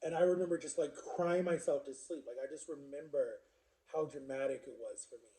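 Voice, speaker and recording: A man's voice: a little high, fairly quick, warm tone, reverberant. A man in his forties telling a personal story to camera in a rambling, casual way, full of fillers and repeated words. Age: 40s. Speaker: vlogger.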